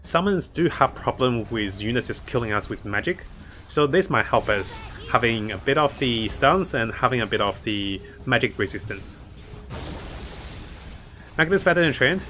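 A man's voice: mid-range voice, a bit bright, a little hiss or hum. A man commentating his own strategy game live, chatting to viewers and laughing often. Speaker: streamer playing a strategy game.

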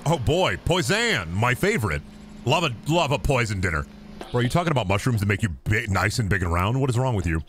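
A man streaming a video game, cursing and trash-talking loudly, then dropping to low mutters. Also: big pitch swings, brisk, a little hiss or hum. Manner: profane, rowdy trash talk to the game; jumps between loud yelling and low mutters. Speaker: gaming streamer. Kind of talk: live gaming stream commentary.

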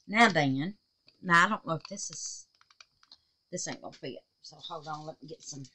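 A woman's voice: low voice, normal speed, sharp tone, a little hiss or hum. A woman chatting folksily while assembling a resin clock at home, tired and huffing, with frequent exclamations and laughs. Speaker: resin craft vlogger. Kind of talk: casual crafting chat.

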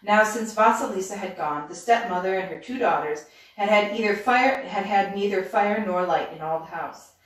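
A woman reads a fairy tale aloud as a bedtime story, keeping her narration steady and even. She sits well away from the mic, and her voice rings around a very echoey room. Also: mid-range voice, normal speed. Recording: roomy, distant mic.

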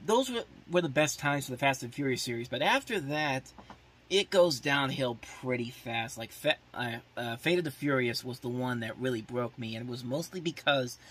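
Husky-voiced man ranting through a movie preview. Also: mid-range voice, lively intonation, normal speed, a bit bright. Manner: rambling, frequent "like" fillers and restarts; opinionated, exasperated about films. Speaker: podcast host. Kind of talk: casual movie preview monologue.

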